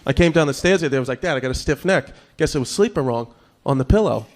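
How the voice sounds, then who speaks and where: A man's voice: medium pitch, expressive, racing, heavy background noise. A man in his thirties doing a stand-up comedy set, with an exasperated, mocking, punchy delivery.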